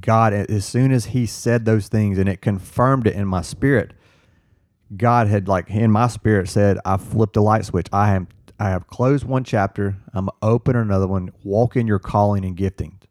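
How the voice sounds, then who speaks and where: A man, a firefighter guest, telling an earnest story in casual chat, halting and restarting as he quotes what others said. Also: fairly low pitch, darkish tone, no room sound, clean studio sound.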